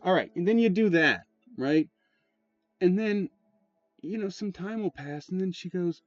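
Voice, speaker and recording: A man's voice: high-pitched, expressive, measured pace, long pauses, no echo. A man hosting his channel, rambling and swearing in casual commentary, restarting often and leaning on fillers. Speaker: channel host. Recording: dull lo-fi sound, dry, faint music.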